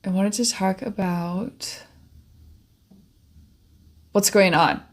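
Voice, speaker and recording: A young woman with a mid-range voice draws out her words as she chats into a desk microphone, livestreaming from her home studio while painting. Her talk is bubbly and rambling, full of trailing off and restarts.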